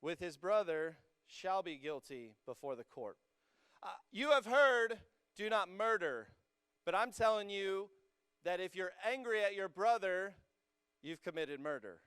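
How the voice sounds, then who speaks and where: A young man preaching to a student congregation, energetic and joking with the crowd, rising to emphatic peaks as he reads scripture. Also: high-pitched, measured pace, smooth, dry recording, clean studio sound. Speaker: youth pastor. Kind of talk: sermon. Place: church hall with a student congregation.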